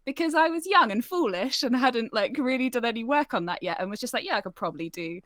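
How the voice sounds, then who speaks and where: Brief: woman, rambling comic anecdote, slightly high voice, dry home-mic sound. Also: expressive, brisk, a bit bright, no room sound. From near Leicester, England. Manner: chatty and self-deprecating, many "like"s and fillers. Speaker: guest storyteller on a live-streamed chat show. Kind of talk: casual anecdote telling. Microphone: home microphone over an online call.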